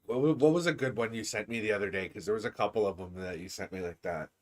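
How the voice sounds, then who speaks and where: Man, casual gaming co-host, giggly and excitable, stumbles over his words. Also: on the low side, fast talker. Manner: laughs often, stammers and restarts, gets loud when excited. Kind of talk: casual chat.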